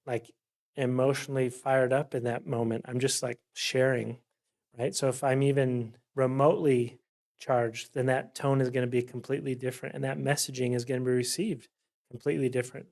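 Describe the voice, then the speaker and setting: A man's voice: mid-range voice, a little mellow. A man leading a workshop presentation at a city council meeting, talking in a chatty way and often checking in with "right?". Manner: chatty, keeps asking "right?". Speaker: workshop facilitator. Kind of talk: conversational presentation.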